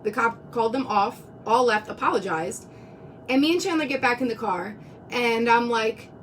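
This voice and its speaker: A woman with a highish voice speaks at a moderate pace into a phone that sits at a distance, with a slight hiss or hum. In an emotional live-stream monologue, she talks earnestly, near tears, rambling and restarting her sentences.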